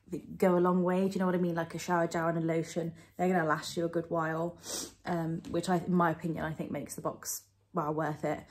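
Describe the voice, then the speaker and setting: A woman's voice: fairly low pitch, a little mellow, a little hiss or hum. A young woman chatting casually as she reviews beauty products, gushing and full of "like" and "um". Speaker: beauty vlogger.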